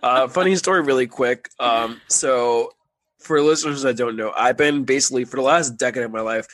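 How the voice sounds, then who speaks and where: A man co-hosting a casual podcast, upbeat and agreeable, telling stories and chiming in with quick affirmations. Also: mid-range voice, a bit bright, no echo. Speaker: podcast co-host. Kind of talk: casual reality TV recap chat.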